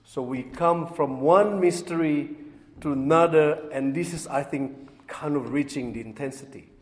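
A man giving a Catholic homily as the priest, thoughtful and measured, with asides and rhetorical questions. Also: a little high. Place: church. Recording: long church reverb.

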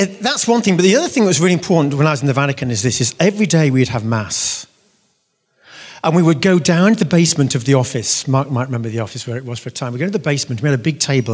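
Animated man preaching in a reverberant hall. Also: medium pitch, husky. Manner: animated, acts out quoted voices. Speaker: speaker giving a faith talk. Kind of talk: storytelling sermon.

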